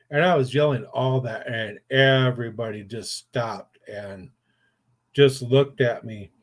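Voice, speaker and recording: A man's voice: medium pitch, a little slow. An older man, a grandfather, hosting a casual chat show and telling rambling stories in a blunt, profane way. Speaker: podcast host.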